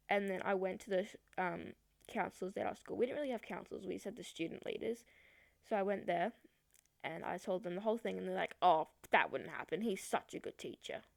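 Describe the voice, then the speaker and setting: A woman's voice: mid-range voice, creaky, darkish tone, no echo, studio quality. A woman vlogger telling a personal story in a chatty, rambling way, with many fillers. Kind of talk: storytime vlog.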